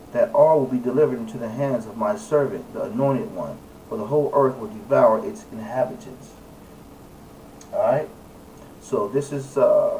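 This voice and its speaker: A man's voice: mid-range voice, dark tone. A man leading a Bible study, reading verses aloud and then commenting on them emphatically, stressing and repeating key words. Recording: distant mic, faint background noise.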